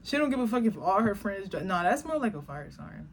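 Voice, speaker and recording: A woman giving a casual tarot reading, talking bluntly and profanely, animated and laughing often. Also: mid-range voice, a little fast, hardly any pauses. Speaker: tarot reader. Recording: background noise.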